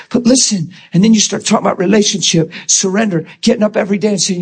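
A male pastor preaching with a strikingly high voice. He builds to fervent shouts, stumbles over repeated words and talks straight to his congregation. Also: quick pace, few pauses, slightly rough. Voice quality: high-pitched, animated, stammering repeats. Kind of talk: sermon.

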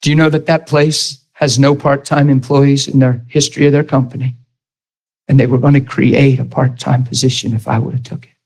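A man preaching, retelling a story in an animated, emphatic way with lots of repetition. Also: medium pitch, brisk, husky, low-quality recording. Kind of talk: storytelling sermon.

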